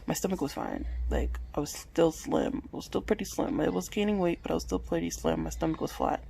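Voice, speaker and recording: A woman in her late twenties speaks low, sing-song and a little fast, with vocal fry and a dark tone. At home indoors, she talks candidly and emotionally to her phone camera in a personal vlog, swearing freely, over a rough recording with slight hiss or hum.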